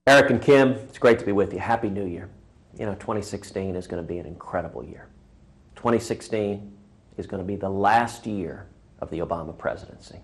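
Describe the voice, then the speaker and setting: A man's voice: low-pitched, brisk. A man, a presidential candidate, giving a punchy speech-style holiday greeting and telling a joke. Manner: punchy, rhetorical, builds by repetition.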